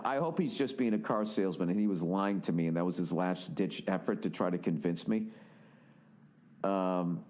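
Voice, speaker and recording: A man's voice: low-pitched, a little mellow. Profane, exasperated man ranting on a podcast. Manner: sarcastic, mocking asides. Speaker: podcast host. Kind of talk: solo podcast rant.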